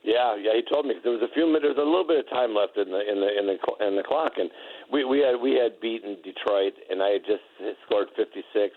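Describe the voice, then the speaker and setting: A man's voice: lowish voice, quick pace, phone-quality sound. A middle-aged man, a former basketball player, telling laughing anecdotes in a casual interview, with lots of restarts.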